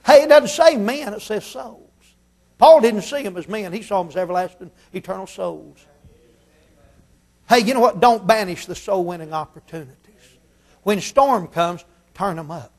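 A man preaching a storytelling sermon, swinging between emphatic shouts and hushed tones. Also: high-pitched, moderate pace. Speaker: pastor.

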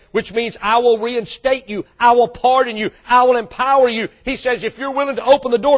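A man preaching a sermon as the church's pastor, swinging from loud bursts to hushed asides and calling out to the congregation. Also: extremely high pitch, brisk, hardly any pauses. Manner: calls out to the congregation for response.

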